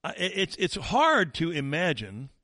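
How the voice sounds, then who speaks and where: A man's voice: fairly high pitch, wildly swooping pitch, measured pace, sharp tone, dry recording, clean studio sound. A man hosting a talk show, giving sarcastic, mocking political commentary. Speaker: talk radio host.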